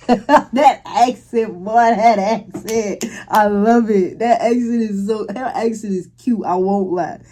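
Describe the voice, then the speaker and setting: A woman's voice: medium pitch, takes it slowly, warm tone. A woman reacting to clips in casual, slangy commentary, laughing and exclaiming. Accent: Chicago. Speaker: reaction streamer.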